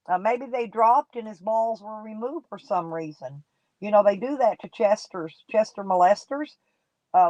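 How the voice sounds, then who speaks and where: A woman's voice: medium pitch, dry recording, dull audio. A woman streaming live, chatting casually with her viewers and gossiping about people in her chat in folksy, colloquial talk.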